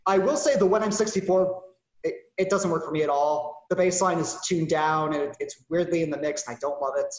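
A podcast co-host giving measured, dryly understated opinions on an album. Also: mid-range voice, reverberant, lo-fi sound. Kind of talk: casual album review chat.

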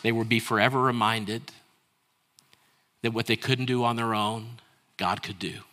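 A man's voice: medium pitch, steady tone, a little slow. A male pastor preaching a sermon, asking rhetorical questions and getting the congregation to answer and repeat lines after him. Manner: rhetorical questions, shifts between hushed and raised delivery.

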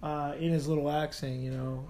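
A man with a fairly high voice co-hosts a casual podcast. He talks in an excitable rush, full of fillers like "like" and "uh", as he tells stories. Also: moderate pace, slight background noise. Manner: excitable, storytelling with many fillers. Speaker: podcast co-host. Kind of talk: casual chat.

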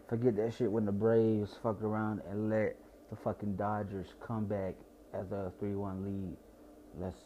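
Young southern man, tipsy, rambling, stuttering, lowish voice, mellow tone, faint room hum. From Georgia. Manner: rambling, repeats himself, stutters. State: tipsy from wine. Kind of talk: casual profane monologue.

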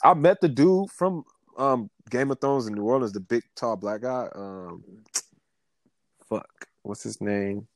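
A young man co-hosting a podcast, telling a rambling, animated story with laughs and a lot of swearing. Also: medium pitch, a little slow, no echo. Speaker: podcast co-host. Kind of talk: casual chat.

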